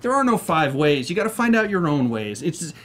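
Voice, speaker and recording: A man's voice: on the high side, very animated, a little fast, a bit bright. A man giving blunt, opinionated takes in a casual panel discussion.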